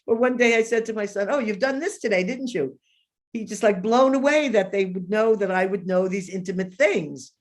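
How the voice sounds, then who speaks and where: A woman in her fifties, a guest in an interview, telling a long personal story in an animated way and acting out the voices she quotes. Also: mid-range voice, normal speed.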